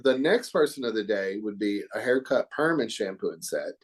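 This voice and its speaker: A man's voice: lowish voice, animated, moderate pace. Earnest middle-aged man from Oklahoma. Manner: earnest, reflective, emphatic. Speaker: hair educator guest. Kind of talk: podcast interview chat.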